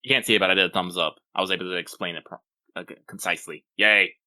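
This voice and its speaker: A man's voice: sits low, fairly even intonation, rapid-fire, sharp tone. A man co-hosting a podcast and reading listener mail, playful and jokey with mock-dramatic asides. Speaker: podcast co-host reading mailbag. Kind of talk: casual chat.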